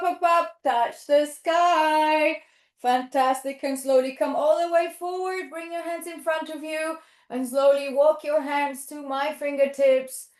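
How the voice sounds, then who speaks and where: A woman leading a toddler yoga class in a sing-song, encouraging way, with playful animal sounds. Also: sits high. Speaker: children's yoga teacher. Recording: echoey room.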